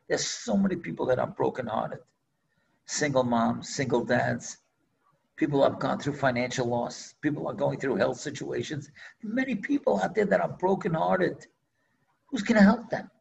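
A man's voice: a little high, gravelly, a little hiss or hum, rough recording. An older man, a rabbi, preaching earnestly and telling a story, with Hebrew phrases woven in. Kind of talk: sermon with storytelling.

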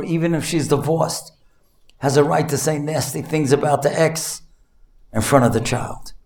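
Man telling stories in an echoey room. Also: creaky. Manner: animated storytelling, voices the child in a high pitch. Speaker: speaker telling stories to an audience. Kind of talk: storytelling talk.

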